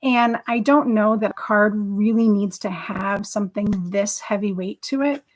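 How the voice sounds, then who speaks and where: A woman's voice: medium pitch, measured pace. A woman hosting a live craft stream, chatting casually and enthusiastically as she demonstrates, rambling with many fillers. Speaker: craft livestream host.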